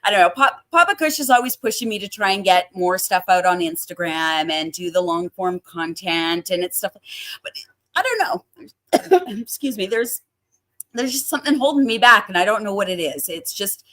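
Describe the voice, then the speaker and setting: A woman's voice: mid-range voice, sing-song, moderate pace, fairly bright tone, no echo. A woman from Canada, a guest chatting casually and self-deprecatingly with lots of fillers. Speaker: guest home grower. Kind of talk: casual podcast chat.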